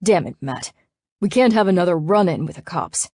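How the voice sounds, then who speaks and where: A woman voicing a gruff, irritated young male nightclub owner with a raspy, curt delivery in a romance audiobook. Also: lowish voice, lively intonation, normal speed, darkish tone, no echo, studio quality. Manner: terse, curt.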